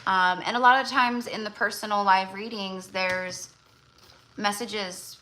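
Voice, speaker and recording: A woman's voice: medium pitch, steady tone, measured pace, pushed and bright, slight background noise, poor audio. A woman hosting a tarot-reading livestream. She chats casually and rambles, with lots of fillers and restarts. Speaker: tarot reader and livestream host.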